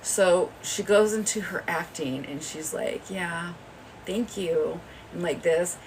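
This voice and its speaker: A woman's voice: fairly low pitch, measured pace, distant mic, a little hiss or hum, rough recording. A woman hosting a livestream, telling a rambling, gossipy story in a chatty way. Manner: rambling, chatty, often laughing. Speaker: livestream host. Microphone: phone.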